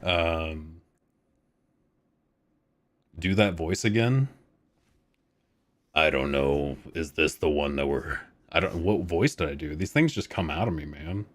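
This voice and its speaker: A man's voice: very deep voice, slow, long pauses. A man in his thirties chatting casually on a live stream, rambling, laid-back and swearing freely. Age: 30s.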